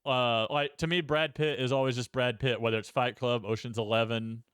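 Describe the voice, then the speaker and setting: A man's voice: mid-range voice, steady tone, normal speed, a bit bright, clear, resonant tone, no room sound, studio quality. A man co-hosting a film review podcast, blunt and sarcastic in casual chat, swearing freely. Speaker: podcast co-host.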